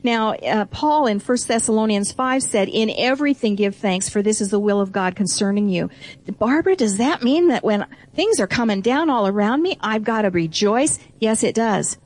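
A woman's voice: mid-range voice, animated, moderate pace, darkish tone. A middle-aged woman co-hosting a Bible teaching program, reading and explaining scripture with enthusiasm. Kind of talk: conversational preaching.

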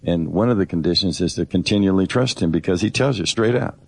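A man's voice: low-pitched, fast talker, creaky, darkish tone. A middle-aged man co-hosting a Bible teaching program, preaching earnestly and directly in a conversational way.

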